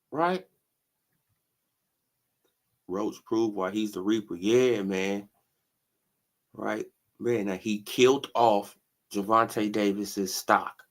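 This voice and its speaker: A man's voice: on the low side, animated, takes it slowly, pauses often, a bit bright. A man hosting a casual boxing commentary stream, talking animatedly in slang, laughing often and tossing in "right?" and "bro". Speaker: boxing commentary channel host.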